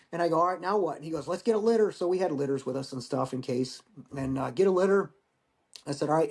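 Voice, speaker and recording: A man in his forties, a Marine veteran guest, telling war-training stories in a casual, profane, animated way. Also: on the high side. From United States. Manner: profane, animated storyteller acting out dialogue. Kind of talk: casual storytelling interview.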